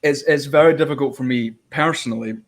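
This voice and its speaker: A man hosting a casual podcast conversation, mid-pitched and fired up. He rambles, circles back on his points and slips into quick voices for people he quotes. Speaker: podcast host. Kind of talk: casual interview chat.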